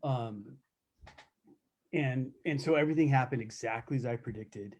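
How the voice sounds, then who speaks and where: A middle-aged self-defense instructor shares candid, profane stories from his years as a corrections officer during a casual live chat, restarting often. His mid-range voice has a darkish tone at normal speed.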